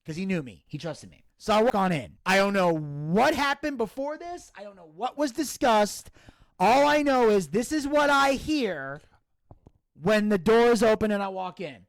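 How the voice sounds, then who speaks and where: A man's voice: high voice, moderate pace, no room sound. A man co-hosting a casual podcast, telling stories with energy, acting out what people said and swearing freely. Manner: animated storyteller acting out quotes, swearing freely. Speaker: podcast co-host.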